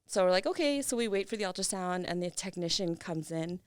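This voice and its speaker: A woman's voice: fairly low pitch, a little fast, smooth, dry recording, clean studio sound. Chatty woman telling her story. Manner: animated retelling with acted quotes and laughs. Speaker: podcast guest. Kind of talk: casual interview storytelling.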